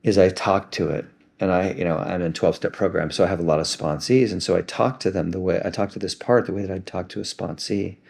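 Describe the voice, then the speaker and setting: A man gently and reflectively talking through an emotional self-help practice. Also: deep voice, fairly even intonation, fast talker, gravelly, hardly any pauses, slightly rough.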